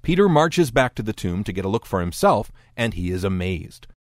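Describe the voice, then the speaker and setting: Male lecture narrator, low and expressive, wry delivery, dry close mic. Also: moderate pace, dry recording. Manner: dry, wry explanatory tone with lively quoted voices. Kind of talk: scripted narration.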